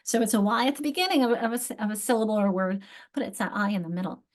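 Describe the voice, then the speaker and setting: A woman's voice: mid-range voice, rapid-fire. A woman presenting a teacher training session on reading and spelling, explaining step by step with frequent restarts and questions to her audience. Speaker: literacy workshop presenter.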